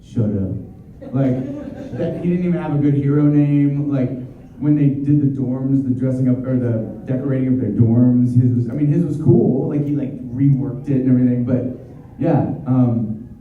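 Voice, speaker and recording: A man, a voice actor, answering fan questions at a convention in an excitable, energetic, chatty way. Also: mid-range voice, normal speed, slight background noise. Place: convention hall. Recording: dull, distant, very echoey hall.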